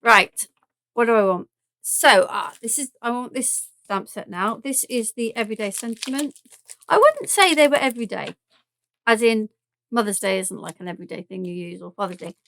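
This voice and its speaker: A woman's voice: on the high side, lively intonation, normal speed, fairly bright tone. Chatty southern English woman demonstrating crafts. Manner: chatty and self-deprecating, thinking aloud while working. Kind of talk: live-stream craft demonstration.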